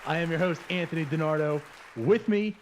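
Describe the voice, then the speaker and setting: Laid-back podcast host, faint hum behind. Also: male voice, a little high, fairly quick, some chatter behind. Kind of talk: casual podcast chat.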